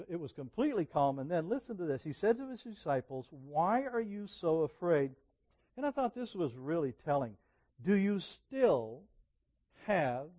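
Telling personal stories from the pulpit, this middle-aged preacher talks conversationally, moving from emphatic high points to quiet asides. His voice is a little high.

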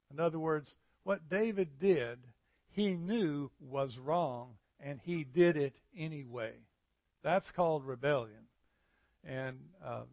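A man's voice: on the high side, vocal fry, no echo. A man, a pastor, preaching an earnest, conversational sermon with frequent fillers.

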